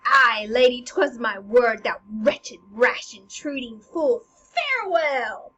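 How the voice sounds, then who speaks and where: A woman's voice: a little high, muffled recording, slight background noise. A woman playing an intense, accusing young prince. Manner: loud, slow, declaiming.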